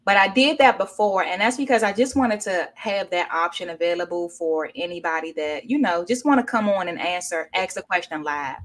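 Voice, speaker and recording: A woman's voice: lowish voice, a little fast, hardly any pauses. A woman from Washington, D.C. hosting a casual livestream, reading viewer comments aloud and chatting at length over a video call. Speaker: livestream host.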